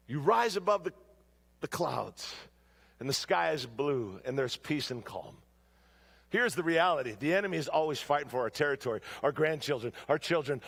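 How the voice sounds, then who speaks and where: High gravelly guy preaching, bright edgy tone, gets loud in stories. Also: big-room sound. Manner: animated, shouts during stories, drops low for the main points. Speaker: guest preacher. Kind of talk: storytelling sermon. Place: church sanctuary.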